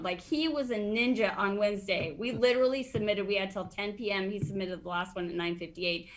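Excitable woman on a team call, rambling update full of fillers. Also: mid-range voice, a little fast, hardly any pauses. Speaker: insurance agent sharing team update.

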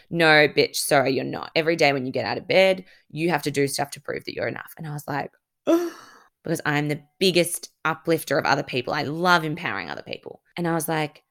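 A woman's voice: low-pitched, vocal fry, a bit bright. A young woman hosting her own podcast, telling a personal story in a candid, chatty way, full of fillers and casual swearing. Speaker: podcast host.

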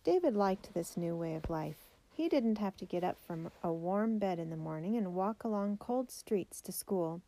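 A woman reading a children's biography aloud in a measured, steady way. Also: lowish voice. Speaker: narrator.

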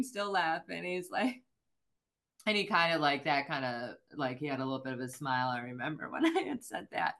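A woman's voice: low-pitched, animated, normal speed, fairly bright tone. A woman from the American Midwest, a podcast guest telling a story in a casual, profane way, laughing often and acting out what people said. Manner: profane, laughing, acts out quoted voices.

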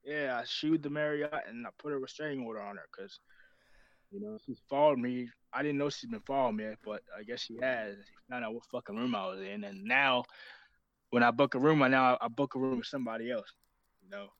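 A man's voice: mid-range voice, fairly quick, gravelly, fairly bright tone, no room sound. A man in his twenties, a wrestler, talking bluntly and swearing a lot in casual chat. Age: 20s. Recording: dull lo-fi sound.

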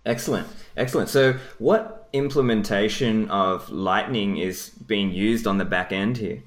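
A man with a fairly low voice hosts a podcast interview. He sounds relaxed and friendly and puts his questions casually, with the occasional filler. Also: a little slow. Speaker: podcast host.

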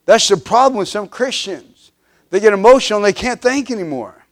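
A man in his fifties preaching a sermon, his voice sitting a little high for a man. He hammers on repeated refrains, climbing louder, then sinking low. He stumbles into restarts and uhs as he goes. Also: animated, moderate pace. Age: 50s. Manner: emphatic preaching with repeated refrains, swelling and dropping in volume; frequent restarts and filler uhs. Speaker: pastor.

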